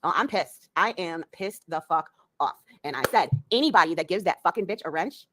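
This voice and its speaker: A woman's voice: fairly low pitch, lively intonation, fairly quick, background noise. A woman delivering a furious, profanity-filled rant, threatening and angry.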